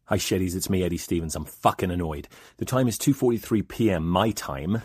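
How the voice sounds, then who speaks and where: A man's voice: low voice, brisk, husky, no room sound, clean studio sound. A man hosting a podcast, telling rambling, profane comic stories in a monologue. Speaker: podcast host.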